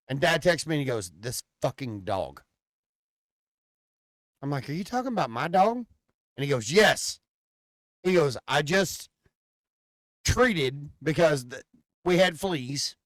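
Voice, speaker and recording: Higher-voiced man telling profane stories. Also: dry recording. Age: adult father. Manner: profane, animated rambling storyteller. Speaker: podcast co-host. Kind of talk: casual chat, storytelling.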